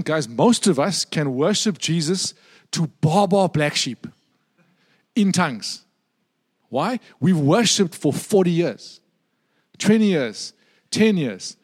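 A man with a high-pitched voice preaches in a relaxed, conversational way. He drifts into humorous stories and checks in with the room through quick asides. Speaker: pastor. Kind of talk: sermon.

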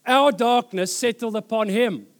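High-voiced man preaching a sermon. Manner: preaching with dramatic pauses and repetition.

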